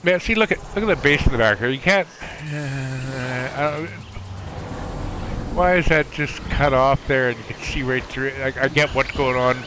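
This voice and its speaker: Guy ranting on his stream, fed up and cursing a lot, mid-pitched voice, noisy background. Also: normal speed. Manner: exasperated, profane, talks over gameplay. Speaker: livestreamer. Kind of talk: ranting livestream monologue.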